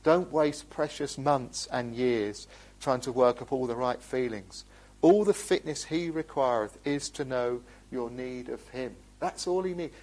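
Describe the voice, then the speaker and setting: A man preaching a sermon in a church, earnest and pleading, moving between urgent appeals and quiet, gentle asides. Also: mid-range voice, a little slow, rough recording. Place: church building.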